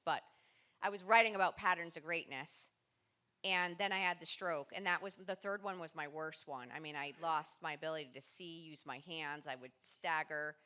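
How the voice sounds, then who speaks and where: A woman's voice: low-pitched, pushed and bright. A woman mindset coach and motivational speaker in a podcast interview, talking in an emphatic, punchy motivational way.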